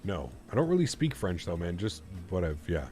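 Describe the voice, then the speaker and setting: A young Canadian man streams a flight sim, chatting casually with viewers in a low, sing-song voice at normal speed, slightly mellow, with faint music behind him. He jokes around and plays with how place names are pronounced.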